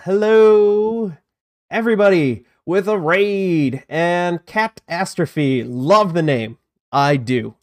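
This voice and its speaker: A man's voice: fairly high pitch, no room sound, studio quality. A man hosting a casual live-streamed disc golf news show, chatting loosely and self-deprecatingly while greeting viewers in the chat.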